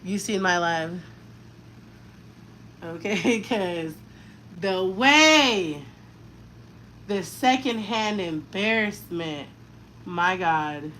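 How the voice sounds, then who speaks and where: A woman's voice: fairly low pitch, expressive, very slow, pauses often, fairly bright tone, a little hiss or hum, poor audio. A woman in her thirties, a mother chatting frankly in a slangy, talkative way while she does her daughter's hair. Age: 30s. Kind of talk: casual chat while styling hair.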